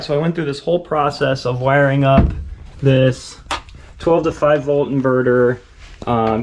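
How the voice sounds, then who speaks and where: A man's voice: medium pitch, background noise. A man casually narrating his truck build in a garage, rambling with lots of fillers and upbeat asides. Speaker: car build vlogger.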